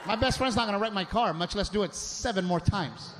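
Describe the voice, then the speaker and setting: High-voiced man ranting stand-up. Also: brisk, over a noisy crowd. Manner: loud, exasperated ranting with shouted bursts. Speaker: stand-up comedian. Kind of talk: live stand-up comedy. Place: stage at a live show. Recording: live show with loud background noise.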